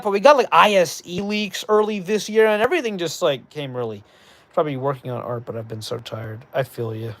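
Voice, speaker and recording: A man streaming live, chatting casually with his viewers and reading their messages aloud in animated bursts. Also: fairly high pitch. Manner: animated, reads chat aloud, excitable bursts. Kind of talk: casual livestream chat.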